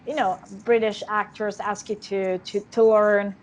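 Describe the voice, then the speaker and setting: An actress with an Italian accent in a casual interview, talking freely with frequent laughter and restarts. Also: female voice, mid-range voice, flat delivery, a little slow, a little hiss or hum. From Italy. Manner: chatty, laughs often, many restarts.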